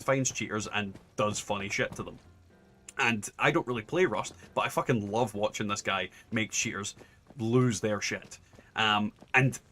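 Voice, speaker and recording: A man's voice: fairly low pitch, bright, forceful tone, a little hiss or hum. A young adult man streaming a game, chatting casually and ranting with lots of swearing and restarts. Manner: ranting, profane, many restarts. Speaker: gaming streamer. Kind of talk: casual chat while gaming.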